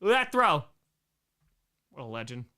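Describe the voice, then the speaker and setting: Excitable, jokey male streamer. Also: a little high, moderate pace. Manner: excitable, jokey and self-mocking. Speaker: streamer host. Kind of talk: live stream reacting to home videos.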